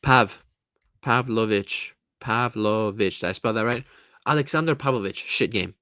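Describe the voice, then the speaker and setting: A man's voice: medium pitch, animated, a little fast, sharp tone. A man from California, ranting crudely and mockingly as a football reaction vlogger at home. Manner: profane, mocking, blunt.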